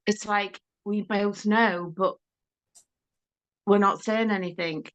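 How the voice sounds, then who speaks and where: A woman's voice: medium pitch, normal speed, dull audio. An older woman with a Liverpool accent, a guest telling stories in a casual chat. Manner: chatty, storytelling, lively.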